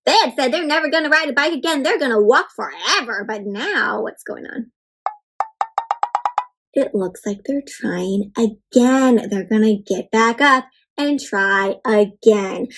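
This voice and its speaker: A woman reading a picture book aloud to children, pausing often to encourage them and ask them questions. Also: fairly high pitch. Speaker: children's storybook reader. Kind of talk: interactive read-aloud for kids.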